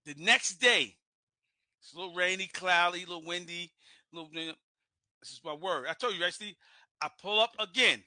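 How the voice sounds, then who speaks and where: A man from Brooklyn, telling a rowdy story with laughs and shouted asides. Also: sits high, brisk, long pauses, no room sound. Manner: loud, laughing, acts out voices, swears freely. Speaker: guest storyteller. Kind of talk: animated storytelling.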